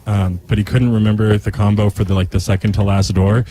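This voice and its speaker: A man's voice: lowish voice, little pitch movement, brisk, warm tone, rough recording. A man playing a tabletop game who narrates his character's moves casually and laughs as he talks. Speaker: player.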